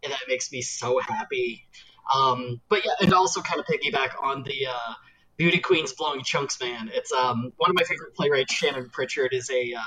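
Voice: mid-range voice, sharp tone, poor audio. A podcast co-host chatting casually about a film, enthusiastic and acting out favorite lines. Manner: enthusiastic, acts out quotes.

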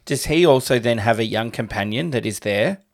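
Male co-host, mid-pitched, quick teasing interjections, swears freely. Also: animated, creaky. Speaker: podcast co-host. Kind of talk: casual film-review chat.

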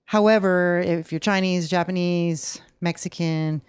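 A woman's voice: fairly low pitch, steady tone, a little slow, a little mellow, clean tone, dry recording. A woman producer with a blended Michigan and Californian accent, chatting hesitantly on a podcast. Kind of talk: casual chat.

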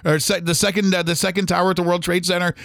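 A man's voice: high voice, flat delivery, fast talker, fairly bright tone, no room sound, studio quality, pitched above the performer's own voice. A man voicing his panicked mother-in-law on the phone, frantic and breathless.

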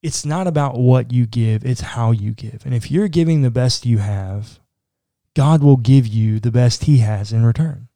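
A man's voice: mid-range voice, normal speed, mellow, no room sound, studio quality. A man, a pastor, talking earnestly in a podcast discussion, with a casual, conversational manner. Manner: earnest, conversational, says "like" often.

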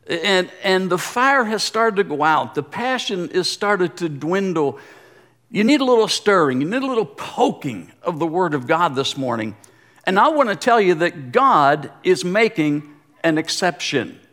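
A man, a former pastor, giving a sermon with animated delivery and repeated phrases. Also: high-pitched. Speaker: guest pastor, former pastor of the church.

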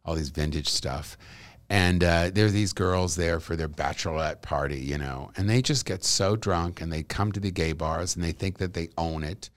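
Very deep-voiced middle-aged man chatting. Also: normal speed, no echo. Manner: animated, expressive storyteller with laughs. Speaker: actor guest. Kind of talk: casual conversation.

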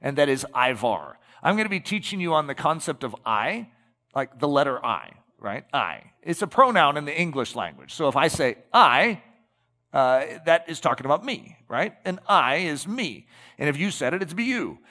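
Bright-voiced preacher in a reverberant hall. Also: male voice, a little high, big pitch swings, moderate pace. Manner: conversational, tag questions to the congregation. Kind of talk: sermon.

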